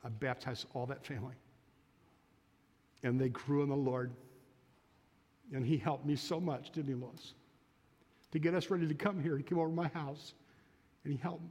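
A man's voice: medium pitch, steady tone, moderate pace, long pauses, darkish tone, husky. A pastor preaching a sermon in a folksy storytelling way, growing emphatic as he exhorts the congregation. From United States. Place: church sanctuary. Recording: long church reverb.

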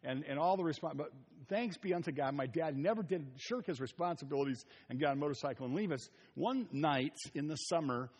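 A middle-aged man preaching a sermon, telling stories with asides and soft chuckles. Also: on the high side, animated, a little fast, few pauses, breathy edge. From Ohio. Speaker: pastor. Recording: long reverb of a large hall.

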